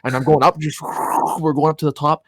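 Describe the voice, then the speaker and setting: Male co-host, under 40, animated storyteller who swears a lot, dry close mic. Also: fairly high pitch, fast talker, no room sound. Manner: animated storyteller, swears often, acts out his own reactions. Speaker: podcast co-host. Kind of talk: casual podcast chat.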